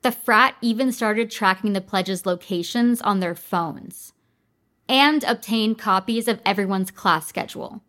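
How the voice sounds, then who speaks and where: Woman narrating a podcast. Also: mid-range voice. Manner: steady, measured reading. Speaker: podcast host. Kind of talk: scripted narration.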